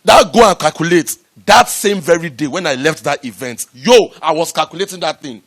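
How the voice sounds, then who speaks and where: A man giving a lively motivational talk to a live audience about raising startup money, repeating himself and rising to loud, emphatic bursts. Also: fairly high pitch, brisk. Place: event room with an audience.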